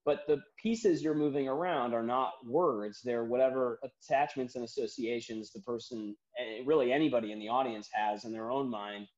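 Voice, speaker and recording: A man's voice: medium pitch, moderate pace, few pauses, a little mellow. A man guesting on a podcast as a comedian, talking casually and rambling with many fillers and restarts. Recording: roomy, dull lo-fi sound.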